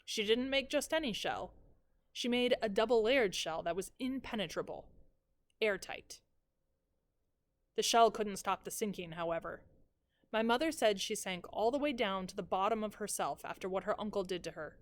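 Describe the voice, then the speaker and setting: A woman's voice: mid-range voice, moderate pace. Woman teacher reading a novel aloud.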